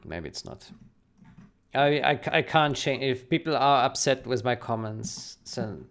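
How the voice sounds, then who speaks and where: A man thinking aloud as he types a reply to a code review on a programming stream, slow and hesitant, with many fillers and restarts. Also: medium pitch, expressive, a bit bright.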